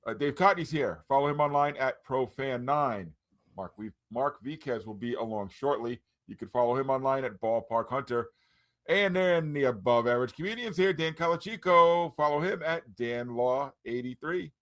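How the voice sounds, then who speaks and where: A man's voice: medium pitch, normal speed, a bit bright. Upbeat man hosting a podcast. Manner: upbeat, running through show plugs and intros. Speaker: podcast host. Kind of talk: casual podcast chat.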